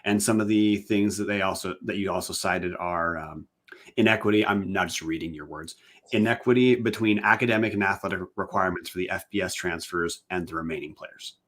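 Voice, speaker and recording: A man's voice: low voice, fairly quick, fairly bright tone. A man co-hosting a podcast, asking long, winding questions and correcting himself as he goes. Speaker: podcast co-host. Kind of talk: podcast interview.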